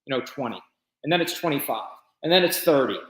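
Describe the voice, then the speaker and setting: A man's voice: medium pitch, expressive, fast talker, roomy sound, rough recording. A man, a business founder, tells his story casually in an interview and acts out the conversations he quotes.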